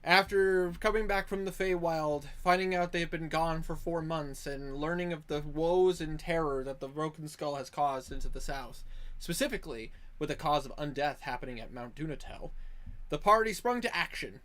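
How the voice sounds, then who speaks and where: A man acts as game master for an online tabletop game, speaking over a voice call in a slightly higher-than-usual register. He banters and laughs easily with his players, then launches into a story recap, often breaking off and restarting mid-phrase. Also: normal speed, fairly bright tone. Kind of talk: casual chat and recap narration of a tabletop game.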